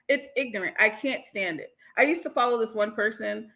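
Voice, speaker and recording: High, bright-voiced woman ranting on stream. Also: fairly quick. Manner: blunt, heated and profane. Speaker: host. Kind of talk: livestream commentary, answering chat.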